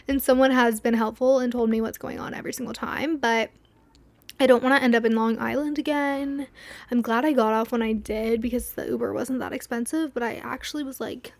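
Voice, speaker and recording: A young woman with a slightly high voice tells a story to the mic in casual solo talk. She rambles and acts out her own asides. The sound is dry and close, with no room around her. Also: a little fast, no room sound. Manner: rambling, animated retelling with quoted asides. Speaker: podcast host.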